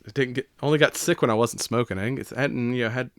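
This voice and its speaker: A man co-hosting a casual podcast, retelling a movie in a loose, rambling way with plenty of swearing and laughter. His voice is smooth and clear. The sound is dry and close. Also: mid-range voice, fast, dry recording. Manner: profane, rambling, laughs often. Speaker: podcast co-host.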